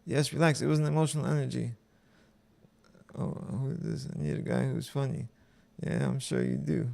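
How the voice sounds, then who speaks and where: A man with a heavily gravelly, fry-laden voice sits at the middle of the usual pitch range as he reads online posts aloud. He breaks off into profane, exasperated running commentary between the stories. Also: fairly even intonation, normal speed, dark tone. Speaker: streamer reading online posts. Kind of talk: reading posts aloud and reacting.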